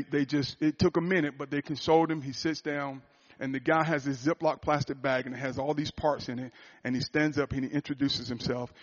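A man with a fairly high voice tells a story from his coaching work in the cadence of a sermon. He speaks earnestly and often circles back, restarting and repeating his phrases as he goes. The recording is muffled and lo-fi, with little clarity at the top end. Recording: dull lo-fi recording.

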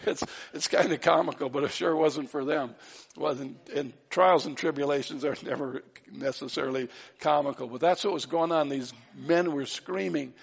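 A man's voice: fairly high pitch, fairly even intonation, moderate pace, gravelly, breathy edge, highs cut off. A man preaching a sermon in an earnest way, with light asides and acted-out quotes. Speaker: pastor.

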